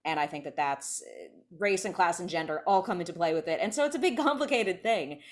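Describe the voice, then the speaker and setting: A woman's voice: lowish voice, lively intonation, brisk. A woman from California in her thirties, a podcast guest chatting casually and often restarting her sentences. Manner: chatty, self-interrupting, many restarts. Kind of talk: casual conversation.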